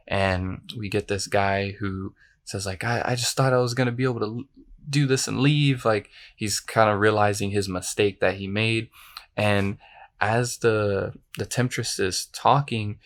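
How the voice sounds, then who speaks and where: A man with a low-pitched voice retells a film scene for a podcast, loose and conversational. He leans on "like" constantly and briefly acts out what the characters said. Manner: animated storyteller, acts out lines, says "like" a lot. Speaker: podcast co-host. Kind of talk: casual movie recap chat.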